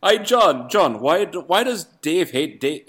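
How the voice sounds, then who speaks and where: Excitable stammering podcast guy. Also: on the high side, a little slow, husky. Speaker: podcast co-host. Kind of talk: casual sports banter.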